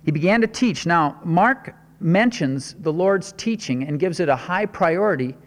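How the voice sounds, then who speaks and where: A man preaching a sermon as pastor, earnest and measured, with emphatic rises. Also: high-pitched, expressive, big-room sound.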